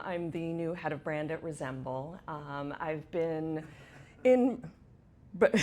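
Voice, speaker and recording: Speaking to an audience in an event space, a middle-aged woman delivers a conversational conference talk and asks the crowd questions. Her voice sits low, and there's a slight hiss or hum on the recording.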